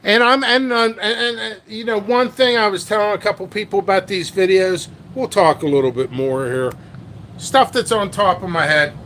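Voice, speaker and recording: A high, bright-voiced man rambles slowly through a casual live-stream chat, joking and poking fun at himself. He sounds set back from the mic, with faint noise in the background. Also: distant mic. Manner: rambling, joking, self-mocking. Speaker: host of a pepper and hot sauce channel.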